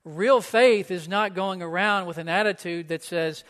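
A man's voice: high-pitched, moderate pace, hardly any pauses, a bit bright. A man pastor preaching a sermon in a church, conversational and often asking the listeners questions. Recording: echoey hall.

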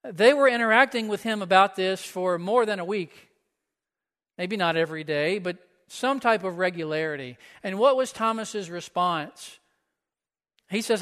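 A man's voice: high-pitched, lively intonation, normal speed, a bit bright. A man pastor preaching a sermon in a church, conversational and often asking the listeners questions. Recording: echoey hall.

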